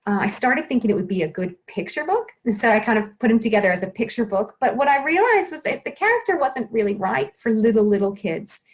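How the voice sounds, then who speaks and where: A woman's voice: on the high side, sing-song, fast talker, hardly any pauses, poor audio. A woman, a children's author and illustrator, answering interview questions in a chatty, self-deprecating way with frequent restarts.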